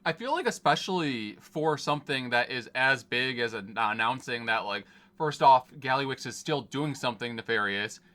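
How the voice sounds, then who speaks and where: Bright, wry male podcast co-host. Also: mid-range voice, expressive, normal speed, hardly any pauses. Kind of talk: casual gaming chat.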